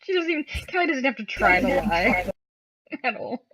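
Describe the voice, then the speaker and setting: A woman's voice: a little high, sing-song, moderate pace, a bit bright, breathy edge, low-quality recording. A woman playing a tabletop role-playing game, laughing a lot and describing and quoting her character. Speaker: player. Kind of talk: tabletop role-play chat.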